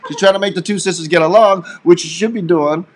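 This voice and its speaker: A man co-hosting a live stream, chatting and joking in a playful, teasing, rambling way that swings between loud and soft. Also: sits high, fast talker, slight background noise. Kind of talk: casual joking chat.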